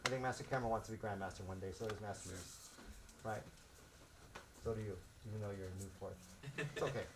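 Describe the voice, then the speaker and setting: A man in his sixties who grew up in Los Angeles, a martial arts instructor telling stories to his students and acting out the shouts, laughing often. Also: lowish voice, quick pace, very noisy. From South Central Los Angeles. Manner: animated, acts out shouts and quotes, laughs often. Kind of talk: storytelling to students.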